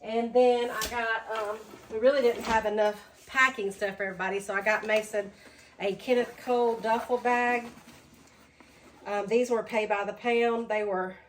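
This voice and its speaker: Tired chatty woman, high voice. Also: fairly even intonation, moderate pace, a little hiss or hum. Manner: chatty, says "y'all", many "um"s. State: tired, low energy after illness. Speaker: thrift reseller vlogger. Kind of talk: casual haul vlog.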